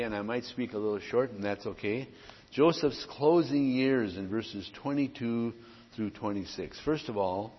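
A male pastor preaches in an earnest, conversational way, stopping often between phrases. The sound is dull and muffled. A long hall reverb trails behind every word, with a faint hiss underneath. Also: on the low side. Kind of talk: sermon.

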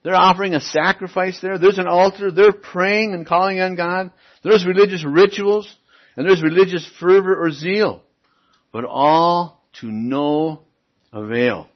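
A man's voice: sits high, unhurried. A man preaching a sermon and reading Bible verses aloud, stressing lines emphatically with wry asides. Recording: dull lo-fi recording.

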